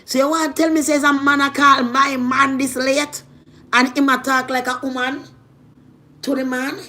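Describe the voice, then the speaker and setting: A woman with a Jamaican accent telling a personal story in casual vlog style, animated and blunt, with plenty of profanity and jumps between loud and soft. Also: high-pitched, normal speed. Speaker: vlogger.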